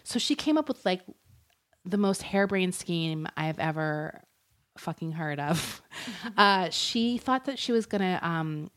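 A woman's voice: fairly low pitch, animated, a little slow, fairly bright tone. A woman co-hosting a podcast, retelling a true-crime story in casual, rambling chat and laughing often. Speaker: podcast co-host.

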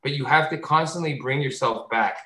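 A man talking casually on a podcast, animated and swearing freely, often jumping into loud high voices to act out bits. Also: brisk, reverberant, poor audio. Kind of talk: casual chat.

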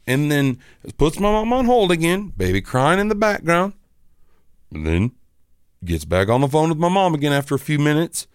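A man's voice: a little high, very animated, moderate pace, clean tone, dry recording, studio quality. A man hosting a podcast, ranting casually and with irritation, with some swearing. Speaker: podcast host.

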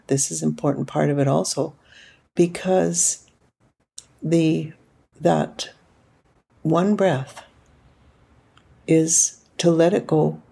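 A middle-aged woman speaks as a parenting coach in reflective podcast talk. She tells her stories gently and unhurriedly, restarting now and then. Her voice is husky and gravelly, with a dark, mellow tone. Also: deep voice.

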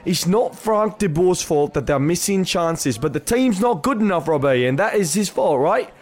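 A man's voice: high voice, animated, moderate pace, a little mellow. A man putting on a ranting English football fan. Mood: indignant. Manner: ranting, repeats a wrong name. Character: angry middle-aged English football fan. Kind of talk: comedy sketch.

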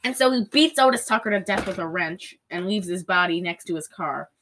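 A woman's voice: lowish voice, lively intonation, brisk, a bit bright, slight background noise. A woman recapping a movie in casual chat, rambling and giggling with sarcastic asides. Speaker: podcast co-host recapping a movie.

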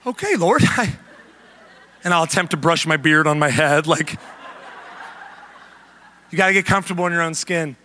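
A man preaching a humorous sermon as pastor, animated and joking with the congregation. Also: on the high side, moderate pace, pauses often.

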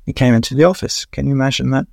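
An older man, his voice gravelly and fry-laden, recalls stories in a rambling interview manner. He pauses often with "uh" and chuckles at his own asides. The sound is dry and close, with no room echo. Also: medium pitch, steady tone, darkish tone. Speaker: veteran music journalist, guest. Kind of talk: anecdotal interview storytelling.

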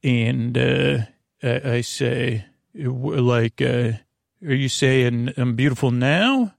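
A man hosting a comedy podcast, rambling through a halting monologue full of fillers and restarts, crooning quoted lines slowly. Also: medium pitch, creaky, no room sound, studio quality.

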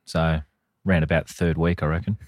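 Dry, deep-voiced Australian man. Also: level tone, fairly quick, a little mellow, dry recording. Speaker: podcast co-host, comedian. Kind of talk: casual chat.

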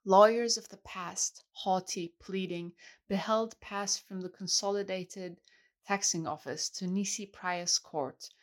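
A woman reading a literary novel aloud in a measured, even way. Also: mid-range voice. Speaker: audiobook reader. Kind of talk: literary audiobook narration.

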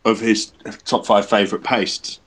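Male podcast co-host, dry and hesitant, reading quiz answers flatly. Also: on the low side, a little slow, slightly rough. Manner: deadpan, hesitant with many ums. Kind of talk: casual comedy chat.

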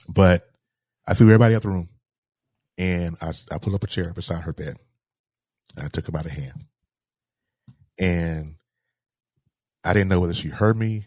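A man telling a personal story in an interview, halting and repeating words as he speaks with grief. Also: deep voice, a little mellow, no room sound, studio quality. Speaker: guest.

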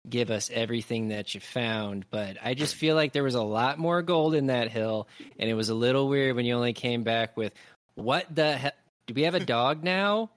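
A man's voice: medium pitch, normal speed, no room sound, close to an everyday voice. A man voicing a suspicious adventurer who grumbles about missing gold. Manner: complaining, suspicious.

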